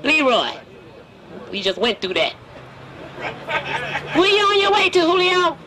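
A man performs as a cheeky, streetwise wooden ventriloquist's dummy, teasing strangers on a busy city street in a brash, flirty, wisecracking way. The voice is extremely high and sing-song, a little slow and heavily acted. Street crowd noise is audible behind him.

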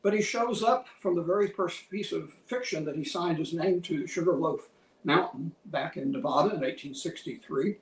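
A man giving a museum lecture in a measured, scholarly way, citing many quotations. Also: on the high side. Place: lecture hall. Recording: roomy hall, from a distance.

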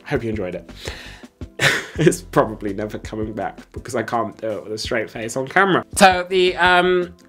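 A man hosting a relaxed watch ranking video. He talks in quick, blunt verdicts, with slang and frequent fillers. His voice sits at an average pitch, and faint music plays underneath. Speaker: host.

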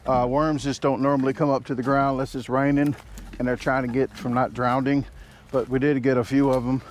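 A man's voice: medium pitch, little pitch movement, a little fast, slight background noise. A man hosting a casual outdoor vlog, rambling and joking with lots of fillers, recorded on an action camera in the woods. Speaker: vlogger.

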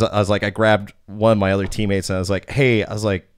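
A man's voice: on the low side, level tone, fast talker, few pauses, smooth, no room sound, studio quality. A man in his thirties hosting a podcast, telling a bouncer story in a blunt, profane, casual way.

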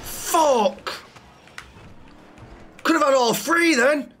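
A man with a high, light voice streams a role-play game live. He swears constantly as he plays. Between moves he rattles off quick thanks to his viewers. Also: a bit bright, soft background music. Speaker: livestreamer.

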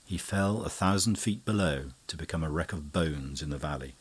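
A man narrating a classic mystery audiobook in a measured, low-key manner. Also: husky. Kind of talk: scripted narration.

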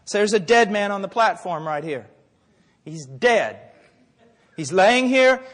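Fervent high-voiced preacher in a big hall. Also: male voice, lively intonation, unhurried. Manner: fervent, swings from quiet asides to shouting. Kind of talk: sermon. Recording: long hall reverb.

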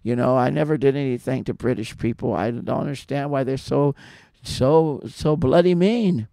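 Gravelly man, rambling storyteller. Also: mid-range voice, moderate pace, mellow, dry recording, studio quality. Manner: rambling, repetitive storytelling with many restarts. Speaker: podcast subject telling stories. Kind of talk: casual rambling monologue.

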